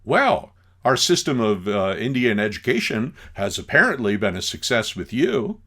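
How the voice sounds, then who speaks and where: Brief: a man playing a pompous government man, brisk and patronizing. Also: mid-range voice, very animated, bright, forceful tone, heavily acted. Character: brisk condescending male government official.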